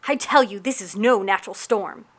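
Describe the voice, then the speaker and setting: A woman's voice: mid-range voice, moderate pace, fairly bright tone, natural voice. A woman voicing a superstitious female sailor who gives urgent, ominous warnings in a storybook reading.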